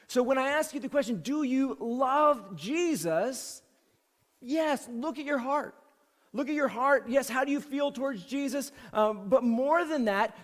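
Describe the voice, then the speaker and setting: A man preaching a sermon as senior pastor, in a conversational way that repeats key phrases for emphasis. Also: extremely high pitch. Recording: long hall reverb.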